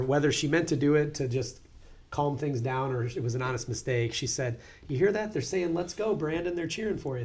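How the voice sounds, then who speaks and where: Animated, swearing storyteller man. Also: medium pitch. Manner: animated, profane, acts out voices loudly. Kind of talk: casual storytelling chat.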